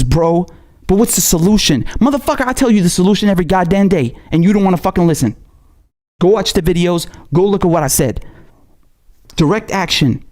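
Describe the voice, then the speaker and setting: A man who isn't from America rants at his audience, heated and scolding, repeating himself and swearing at every turn. His voice sits slightly high but has a mellow, warm tone. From not American. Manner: profane, scolding, repetitive and heated. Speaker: political commentator. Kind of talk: angry ranting monologue.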